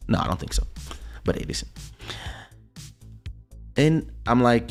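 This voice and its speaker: A man hosting a podcast, telling a story in a casual way and acting out what people said with big jumps in pitch. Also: measured pace, long pauses, faint music behind. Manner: animated, acts out quoted speech with big pitch jumps. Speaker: podcast host. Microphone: studio microphone.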